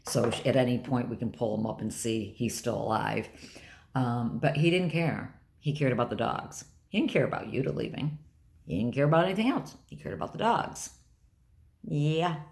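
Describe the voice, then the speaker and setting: A woman's voice: very deep voice, expressive, normal speed, gravelly, darkish tone. An older woman talking candidly and bluntly in a rambling personal vlog. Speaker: vlogger.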